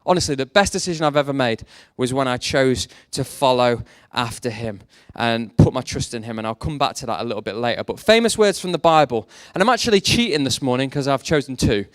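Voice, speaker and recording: Young guy preaching, jokey and self-mocking, smooth clear voice, dry close sound. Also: mid-range voice, lively intonation, fairly quick, hardly any pauses, no echo. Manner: jokey, self-deprecating storytelling. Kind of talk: sermon with personal stories.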